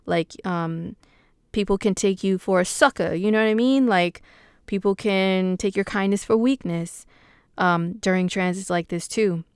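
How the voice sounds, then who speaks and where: A woman's voice: mid-range voice, a little slow, smooth, dry recording, clean studio sound. A woman astrologer giving a casual weekly horoscope forecast, chatty and slangy, with lots of fillers, talking straight to her viewers. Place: home in the US Pacific time zone.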